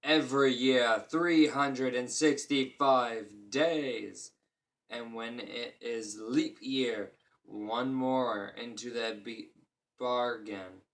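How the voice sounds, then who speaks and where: A dim-witted, boastful giant from a storybook, booming out each word slowly and loudly, as a man reading the tale puts him on. The voice is bright and forceful, and it drags along at a heavy, unhurried crawl. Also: steady tone. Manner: loud, slow, booming.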